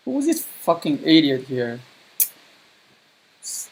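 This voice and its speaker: A man's voice: mid-range voice, lively intonation, a little slow, darkish tone, rough recording. A man streaming a strategy game live, commenting as he plays, swearing often in frustrated outbursts, with non-native English grammar. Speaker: gaming streamer.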